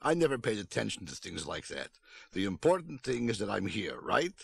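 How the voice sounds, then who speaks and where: Man reading as a blunt, unruffled old man of over a hundred with a foreign accent; gravelly and matter-of-fact. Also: lowish voice, very animated, a little fast, heavily acted. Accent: unnamed foreign accent. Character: very old male relative with an old-country accent.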